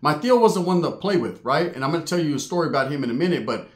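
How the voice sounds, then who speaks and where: A man telling a true paranormal story in a casual, streetwise way, swearing freely and getting animated. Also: on the high side, rapid-fire. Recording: echoey room.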